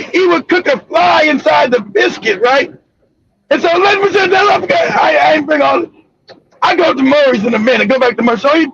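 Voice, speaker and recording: A man with a very high, gravelly voice tells a profane story loudly and casually, often breaking into laughs. The recording sounds dull and lo-fi with faint noise behind. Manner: loud, laughing, profane, animated. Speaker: streamer telling a story.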